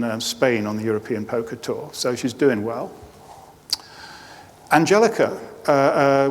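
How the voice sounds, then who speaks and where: Man, middle-aged, mid-pitched coach telling anecdotes to a crowd, voice ringing through a reverberant hall. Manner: anecdotal storytelling with light humor. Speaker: performance coach giving a talk. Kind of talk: presentation to a live audience. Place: lecture hall.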